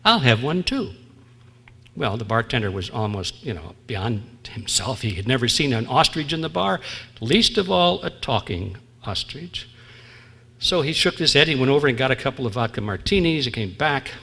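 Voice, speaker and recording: Guy telling jokes in a speech, bright tone, chuckles at himself, big echoey theatre. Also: mid-range voice, expressive, gravelly, husky. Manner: wry, drawn-out punchlines, chuckling at his own jokes. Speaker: conference speaker. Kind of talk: humorous lecture with jokes. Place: large historic theatre. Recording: long reverb in theatre hall.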